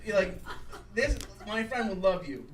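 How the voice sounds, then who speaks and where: A man's voice: high-pitched, lively intonation, unhurried. Rambling young man doing stand-up in an echoey room. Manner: self-deprecating, rambling with many fillers. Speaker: stand-up comedian. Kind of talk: live stand-up set. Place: comedy venue with live audience. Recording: roomy live room, far from the mic, noisy. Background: audience laughter.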